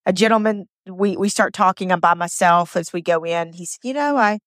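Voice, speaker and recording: A woman's voice: lowish voice, steady tone, brisk, a bit bright, dry recording, clean studio sound. A woman hosting her podcast alone, speaking, earnest and emotional, often stumbling and repeating words. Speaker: podcast host. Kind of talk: heartfelt solo podcast monologue.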